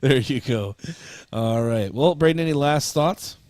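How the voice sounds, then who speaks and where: A man calling local high school baseball on radio, reading stats and chatting casually with fillers. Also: unhurried, no room sound. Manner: relaxed, chatty recap with fillers. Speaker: play-by-play announcer. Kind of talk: local radio sports broadcast.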